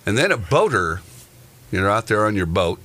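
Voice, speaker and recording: A man with a very deep voice reads quirky news items aloud. He turns them into casual, joking banter with his co-host. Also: sing-song, normal speed, pushed and bright. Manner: reads odd news items then jokes about them.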